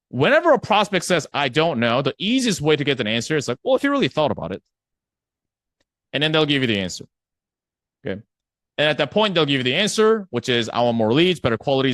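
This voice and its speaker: A man coaching a live online sales class, his pitch swinging up and down with lots of life. He talks casually, slips into the voices of prospects, and keeps checking in with his listeners. The sound is dry and close, with almost no room echo. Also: fairly bright tone. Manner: conversational, acts out prospect replies, checks in with "right?".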